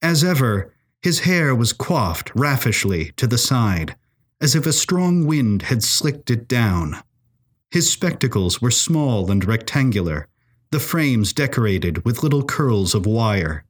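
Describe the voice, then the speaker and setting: A male narrator reading a serialized mystery story, with a voice that moves through lively pitch swings. His delivery is expressive yet measured, giving the scenes steady room to unfold. Everything is clean, read-aloud narration. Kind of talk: audio drama story narration.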